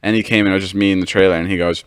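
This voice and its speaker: A man's voice: low voice, flat delivery, rapid-fire, clean tone, no echo. A young man hosting a podcast, telling stories in casual chat and rambling with plenty of fillers. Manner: rambling storyteller, heavy on fillers. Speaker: podcast host.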